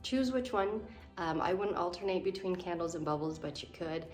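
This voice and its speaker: A woman's voice: on the low side, animated, normal speed, darkish tone, reverberant, recorded from a distance, faint music behind. A woman teacher in her thirties, explaining breathing exercises for children in a friendly, step-by-step way with some fillers. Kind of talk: instructional talk to camera.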